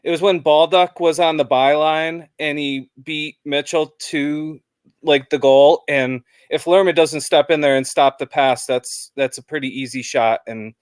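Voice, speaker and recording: A man's voice: a little high, steady tone, measured pace, smooth, no room sound, clean studio sound. A man chatting casually as a guest fan about a football match, rambling with lots of fillers.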